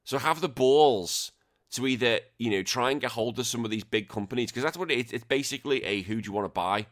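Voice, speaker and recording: A man's voice: medium pitch, a little fast. A British man hosting a gaming podcast, ranting bluntly and emphatically with frequent swearing. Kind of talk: opinionated podcast rant.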